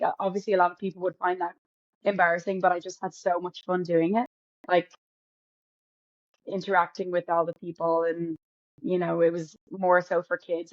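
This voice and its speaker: A woman's voice: on the low side, no room sound. A young Irish woman, an actor, chatting casually as a podcast guest with lots of fillers and restarts. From Ireland. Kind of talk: casual interview chat. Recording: dull lo-fi sound, dry.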